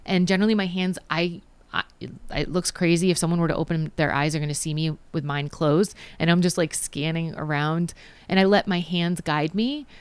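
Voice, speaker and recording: A woman's voice: sits low, fairly even intonation, normal speed, smooth, no room sound. A woman guest talking casually about her healing practice, telling stories and quoting people in between. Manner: chatty, tells stories with acted quotes. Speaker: guest, psychic and Reiki practitioner. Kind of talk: casual interview chat.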